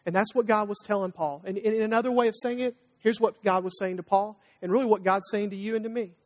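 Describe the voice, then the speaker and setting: A man's voice: high-pitched, steady tone, fast. Man preaching in a reverberant hall. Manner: conversational preaching, acting out prayers and God's replies. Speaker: pastor. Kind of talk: sermon. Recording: long reverb of a large hall.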